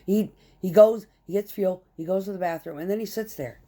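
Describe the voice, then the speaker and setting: A woman truck driver vents about a clash at work in a casual, profane storytelling rant. She talks in quick clipped phrases and sounds heated throughout, with a voice sitting at an ordinary pitch for her. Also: dark tone.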